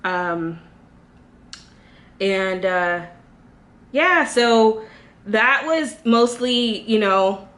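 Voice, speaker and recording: A woman's voice: mid-range voice, animated, very slow, pauses often, a bit bright. A young woman vlogger telling a personal story in casual chat, candid and rambling, with many fillers and restarts.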